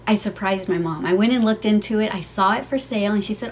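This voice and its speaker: A woman's voice: mid-range voice, quick pace, slight background noise. A middle-aged woman vlogging from her home, telling a heartfelt personal story in a chatty way, with many fillers.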